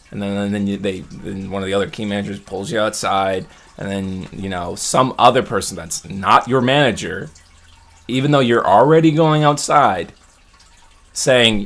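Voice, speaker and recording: Guy with a lowish voice venting on his vlog, rambly, heats up then trails off, keeps restarting. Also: normal speed, a bit bright. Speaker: vlogger. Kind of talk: casual check-in monologue.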